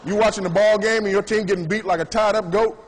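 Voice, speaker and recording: Emphatic high-voiced male show host. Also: fairly even intonation, quick pace, slight background noise. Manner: emphatic, sarcastic. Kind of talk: preachy commentary.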